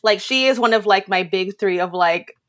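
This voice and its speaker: A woman's voice: mid-range voice, moderate pace. A woman on a fan podcast, gushing playfully and emphatically about favorite characters. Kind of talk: casual fan podcast chat.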